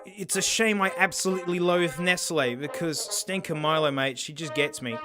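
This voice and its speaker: Energetic South Australian man, high voice. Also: normal speed, few pauses, music in the background. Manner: energetic, slangy, says "mate" constantly. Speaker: video host. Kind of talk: casual comedic vlog.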